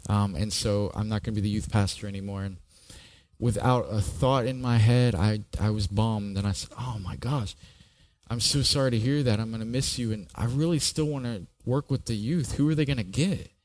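A man's voice: fairly low pitch, moderate pace, darkish tone. Earnest man preaching a sermon. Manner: earnest storytelling, repeats words when starting a thought. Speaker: pastor. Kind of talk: sermon with personal testimony.

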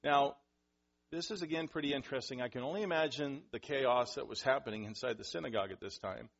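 A man preaching a sermon, animated, acting out scenes with sudden loud outbursts. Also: mid-range voice, fast talker, creaky, highs cut off. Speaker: pastor.

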